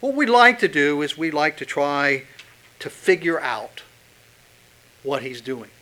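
A man preaching a sermon, pressing hard on key words and dropping to a hush when quoting Scripture. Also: fairly high pitch, expressive, a little slow, poor audio. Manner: emphatic, swinging from loud stresses to hushed quotes. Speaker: pastor.

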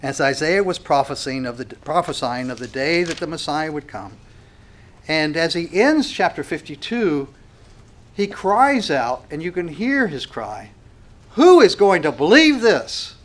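A man preaches with rising passion, his fairly high voice climbing on key lines. He drops to near-hushed asides, then slows and leans hard into scripture as he reads it aloud. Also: lively intonation. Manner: impassioned, swinging from soft to loud with slow stressed phrases. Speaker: pastor. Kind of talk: sermon.

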